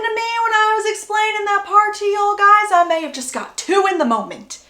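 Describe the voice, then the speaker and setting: A young woman recapping a book in an animated, sassy, gossipy storytelling style, in an indoor room. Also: extremely high pitch, brisk, few pauses. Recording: roomy echo.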